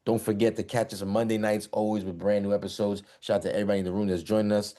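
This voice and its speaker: A man hosting a live-streamed talk show, hyping it up and shouting out his guests. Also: on the low side, little pitch movement, very fast. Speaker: host. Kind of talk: hype podcast hosting. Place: online live-stream call.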